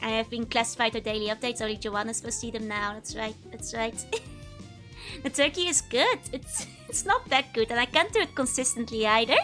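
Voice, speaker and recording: A woman's voice: fairly high pitch, brisk, sharp tone, soft background music. A woman, chatting casually with viewers on a live stream, giggling often while her voice is still recovering from illness. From Netherlands. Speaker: VTuber streamer.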